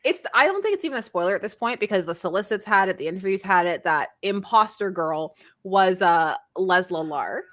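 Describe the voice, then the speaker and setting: Woman guest, very expressive pitch, giggly fan-chat energy. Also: fairly quick, hardly any pauses. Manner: animated and giggly, laughs between points. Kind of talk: casual chat.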